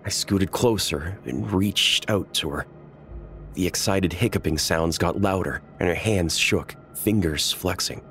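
A man with a low, deep voice reads a scary first-person tale in a measured, tense way. Soft music plays quietly under his narration. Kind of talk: scripted horror narration.

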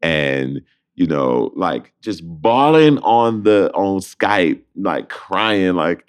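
A man in his thirties with a very deep voice, telling stories as an interview guest. He talks casually and acts out each person in his anecdotes. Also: lively intonation, takes it slowly. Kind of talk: casual storytelling.

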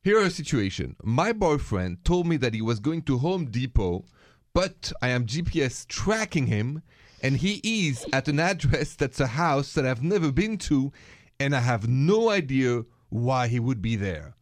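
A man's voice: medium pitch, very animated, normal speed. A man with a French accent co-hosting a relationship advice radio show. He speaks in an earnest, emphatic way. The studio sound is close and dry, with no room echo. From France.

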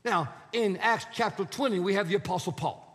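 Man, pastor, sermon, acts out quotes, very high voice, long hall reverb. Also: fairly quick, fairly bright tone. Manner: storytelling with acted-out quotes.

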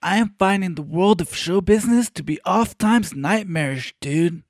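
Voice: mid-range voice, normal speed, no echo, clean studio sound, close to an everyday voice. Casting: a performer as a dopey, laid-back slacker bandmate in a stage play. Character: spacey slacker bandmate who calls everyone dude.

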